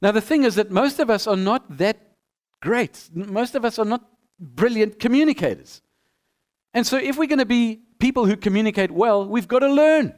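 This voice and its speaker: A middle-aged male pastor preaching a sermon with animated storytelling, acting out both sides of the dialogues. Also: sits high, normal speed. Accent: non-American.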